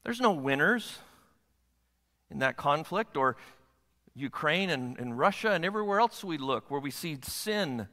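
A man preaching a sermon, his somewhat high voice bright and forceful. He keeps asking the congregation questions and checking that they follow him. The long reverb of a church hall trails behind every phrase. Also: animated, unhurried. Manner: asks the congregation frequent rhetorical questions. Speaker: pastor.

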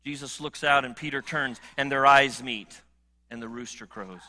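A middle-aged male pastor preaching a sermon, earnest and swinging from emphatic appeals to quiet, low moments. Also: fairly even intonation, moderate pace.

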